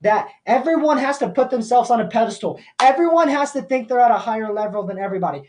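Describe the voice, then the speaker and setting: A man's voice: very high voice, darkish tone. Young guy podcaster going off, swearing nonstop, all fired up and blunt. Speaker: podcast host. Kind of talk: motivational podcast rant.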